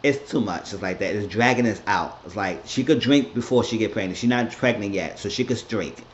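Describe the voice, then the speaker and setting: A man's voice: lowish voice, fairly quick, muffled recording, a little hiss or hum. A man giving a blunt, rambling, casual recap of a reality show episode on his vlog. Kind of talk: casual commentary.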